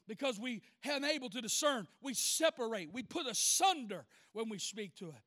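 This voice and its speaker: Preacher, very high bright voice, call-and-response sermon in church. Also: male voice, big pitch swings, normal speed, few pauses. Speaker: pastor.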